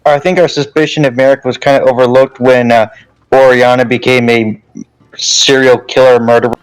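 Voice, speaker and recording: A man's voice: medium pitch, little pitch movement, moderate pace, smooth, poor audio. A man playing a tabletop role-playing game, describing what his character does in a dry, teasing way. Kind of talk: narrating his character's actions.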